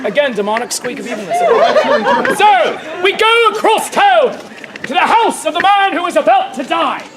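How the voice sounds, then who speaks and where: A woman narrating a comic story at a live outdoor show, playful and animated, laughing often as she directs volunteers. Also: extremely high pitch, normal speed. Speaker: comedic narrator leading audience volunteers. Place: outdoor fair stage. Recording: loud live crowd and noise outdoors.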